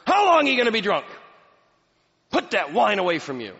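A man putting on the voice of a stern, judgmental old priest who scolds loudly, in an echoey hall. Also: sits high, huge pitch swings, fairly quick, vocal fry, pitched above the performer's own voice, heavily acted. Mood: scolding. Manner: scolding, loud. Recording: echoey hall, dull lo-fi sound.

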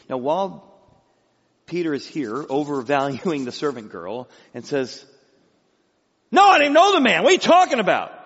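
A man's voice: mid-range voice, long reverb tail, muffled recording. A man from Illinois preaching a verse-by-verse sermon with dramatic storytelling. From Illinois, USA. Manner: dramatic storytelling, lively voice work. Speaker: pastor. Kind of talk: expository sermon.

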